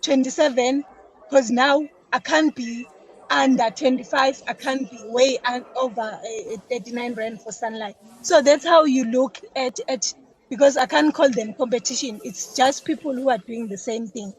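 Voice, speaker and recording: Husky high-voiced South African woman. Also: normal speed, low-quality recording. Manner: repeats words while explaining, chatty. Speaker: business guest, detergent maker. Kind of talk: casual podcast interview.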